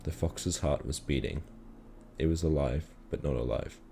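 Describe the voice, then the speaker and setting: A man calmly reading a children's story aloud in a measured storytelling manner. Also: rumbling low, gravelly, a little hiss or hum. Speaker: reader.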